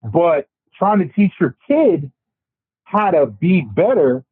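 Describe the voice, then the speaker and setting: A man on a casual podcast discussion, ranting in an animated, profane way. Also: a little high, takes it slowly, breathy edge, dry recording. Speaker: podcast panelist. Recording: tinny phone-like, dry sound.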